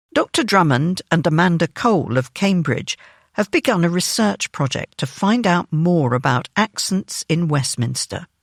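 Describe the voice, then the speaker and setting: A news magazine narrator reads a written feature in a measured, even way. The pitch moves in a lively way through each sentence. The voice is recorded dry and close, with no room sound. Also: gravelly, dry recording.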